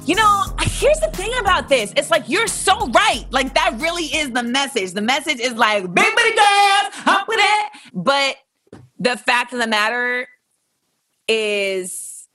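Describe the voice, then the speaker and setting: A woman's voice: high voice, animated, measured pace, pushed and bright, soft background music. A young adult woman hosting, answering listener questions in a frank, casual, profane way, acting out the voices she quotes. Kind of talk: casual candid commentary.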